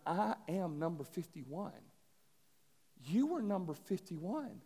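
Male preacher, high voice, dramatic storytelling, swings loud to hushed, long hall reverb. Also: animated, slow pace, husky. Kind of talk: sermon storytelling.

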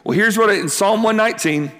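Camp preacher guy, high voice, storytelling sermon, big echoey hall. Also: fast, fairly bright tone. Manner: storytelling, acts out quoted exchanges.

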